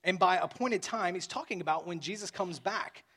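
A man's voice: high-pitched, normal speed, fairly bright tone, slightly rough. A man preaching a sermon as pastor, earnest and building to emphatic peaks.

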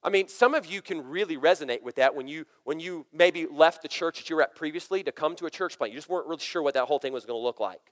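Thirties male pastor, chatty and animated storyteller, slightly high voice, echoing sanctuary. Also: fast talker, hardly any pauses. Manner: conversational, storytelling, energetic. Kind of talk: sermon. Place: church sanctuary. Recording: long hall reverb.

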